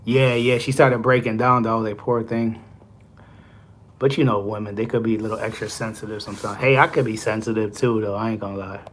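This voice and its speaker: A man's voice: on the low side, steady tone, a little fast, slight background noise. A man who drives trucks chatting casually on a live stream, rambling with lots of fillers. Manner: rambling, filler-heavy, "you know" constantly.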